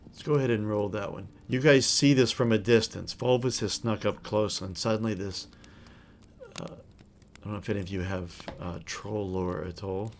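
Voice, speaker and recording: A man narrating as game master of a tabletop role-playing game, relaxed and with frequent fillers. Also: on the low side, moderate pace, slight background noise.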